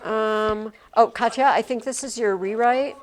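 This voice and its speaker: A woman teaching a class in a chatty, rambling way, cutting herself off and starting over. Her voice sits a little high. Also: measured pace, slight background noise. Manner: chatty, rambling, self-interrupting.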